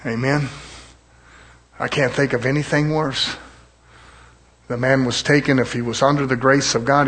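A man preaching a sermon in a fervent cadence, punctuating it with amens and hallelujahs, slowing down low on scripture lines. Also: fairly bright tone.

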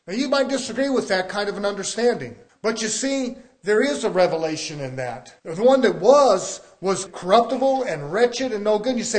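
A man's voice: sits high, lively intonation, brisk, hardly any pauses. A man preaching a sermon to his church, building emphasis with rhetorical questions. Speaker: pastor.

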